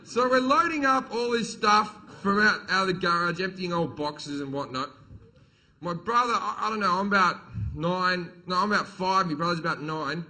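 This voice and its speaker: A middle-aged man does stand-up, spinning a crude, swear-laden family story. His voice sits high and rings bright. He tells it in an animated way. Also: moderate pace. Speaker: stand-up comedian. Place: comedy stage.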